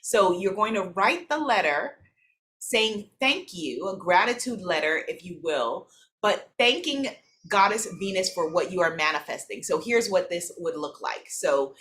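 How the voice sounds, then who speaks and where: A woman's voice: lowish voice, animated, normal speed, a bit bright. A woman teaching a live spiritual workshop, speaking in repeated gratitude affirmations and laughing easily. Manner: affirming, repeats gratitude phrases, reads participants' comments.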